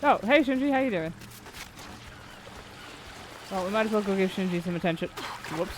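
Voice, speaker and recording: A woman's voice: mid-range voice, animated, moderate pace, slight background noise. A woman streaming a video game, chatting casually and wryly as she plays and reads aloud. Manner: chatty, wry, swears casually. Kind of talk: casual gameplay commentary.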